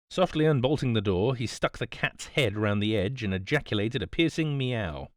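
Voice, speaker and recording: A man reads the narration in a calm, measured tone, close to the mic. His pitch moves expressively while staying unhurried. The sound is dry, with no room around it. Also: no echo. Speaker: audiobook narrator. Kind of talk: scripted narration.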